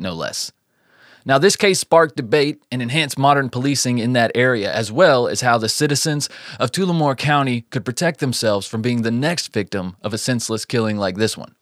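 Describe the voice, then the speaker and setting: A man's voice: medium pitch, expressive, moderate pace, no echo, clean studio sound. A man hosting a podcast in a joking, upbeat manner. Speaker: podcast host. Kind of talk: casual podcast chat.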